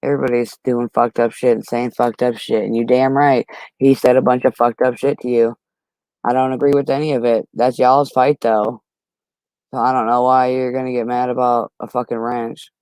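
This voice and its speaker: A man's voice: mid-range voice, flat delivery, moderate pace, darkish tone, clear, resonant tone, no echo. A man hosting a livestream, arguing with chat in a heated, profane, casual way. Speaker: livestream host.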